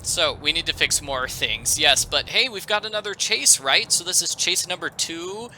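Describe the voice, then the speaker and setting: A man's voice: a little high, animated, normal speed, sharp tone, a little hiss or hum, poor audio. A man giving casual, enthusiastic gameplay commentary as a let's play host, joking and chatty.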